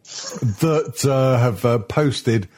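A man's voice: medium pitch, very slow, a little mellow. A man hosting a crude comedy podcast, rambling and hesitant and swearing freely. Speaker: podcast host.

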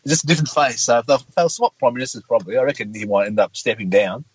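A man's voice: mid-range voice, expressive, very fast, slightly rough, dry recording, lo-fi sound. Sweary ranting Australian man. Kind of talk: casual ranting chat.

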